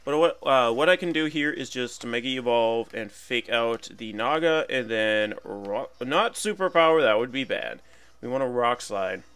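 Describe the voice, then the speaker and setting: Bright-voiced man commentating a game. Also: mid-range voice, lively intonation, moderate pace, clear, resonant tone. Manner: chatty, thinks aloud, playful asides. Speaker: gaming commentator.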